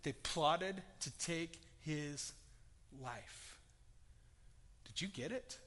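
A man delivers a sermon in an animated, conversational way, acting out little voices as he tells the story. His voice sits high and bright. The words ring out through the long reverb of a big hall. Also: very slow. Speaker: pastor.

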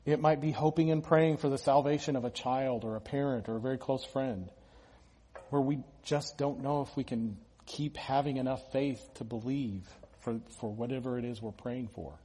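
A pastor delivering a conversational sermon, talking casually with restarts and the odd small laugh. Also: male voice, mid-range voice, moderate pace, dark tone, big-room sound, slight background noise.

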